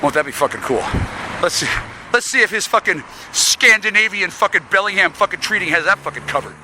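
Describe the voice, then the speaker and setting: A man with a high-pitched, expressive voice talks a little fast as he strolls through town, cursing nonstop and rambling to someone off-camera he calls sweetie. Heavy traffic and street noise are loud throughout.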